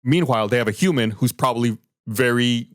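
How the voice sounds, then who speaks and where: Speaking fairly quickly in a mid-range voice, this man hosts a casual podcast where he walks through events and reads findings aloud in a relaxed way. It's a studio-quality recording without any room sound.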